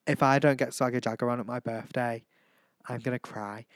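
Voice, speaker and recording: Chatty teenage lad with a smooth voice. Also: male voice, mid-range voice, steady tone, brisk, no echo. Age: teens. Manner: chatty, gushing, camp, breaks into impressions and sung snippets. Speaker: vlog host. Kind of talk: casual chat.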